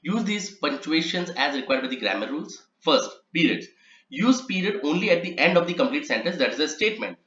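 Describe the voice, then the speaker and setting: A man's voice: fairly high pitch, very animated, brisk, fairly bright tone. Man teaching in an echoey room. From India. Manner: explanatory, repeats and spells out examples. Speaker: transcription trainer. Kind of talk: instructional lecture. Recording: echoey, slightly muffled room recording.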